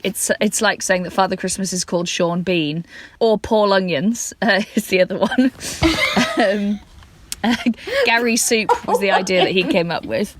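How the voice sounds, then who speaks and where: A woman's voice: medium pitch, a bit bright. Welsh woman cohosting a podcast from home, chatty, giggles a lot, rambles. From Wales. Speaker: podcast co-host. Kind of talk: casual comedic chat. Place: rural home, recording remotely.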